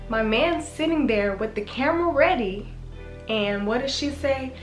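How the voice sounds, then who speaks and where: A woman's voice: sits high, expressive, measured pace, echoey room, faint music behind. A young woman vlogging casually, chatting straight to her viewers with lots of filler words. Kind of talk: casual vlog chat to viewers.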